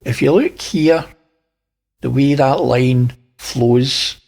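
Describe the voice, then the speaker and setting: A Scottish man talks slowly and deliberately, pointing things out one by one. His voice is gravelly with a husky edge, and he drops in dry jokes between observations. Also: medium pitch, a little mellow. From Scotland. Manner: slow, pointing things out, wry asides. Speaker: channel host. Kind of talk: narrating image analysis.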